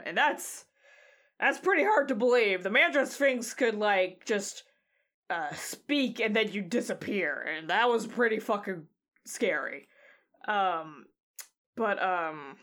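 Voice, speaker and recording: A woman runs a tabletop game as game master. She talks in halting bursts with frequent restarts. Her delivery stays fairly flat. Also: mid-range voice.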